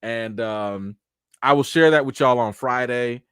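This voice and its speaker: A man's voice: mid-range voice, measured pace, fairly bright tone, smooth, no echo, clean studio sound. A man hosting a casual live-stream review, talking straight to his viewers in slang. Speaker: TV series reviewer and live-chat host.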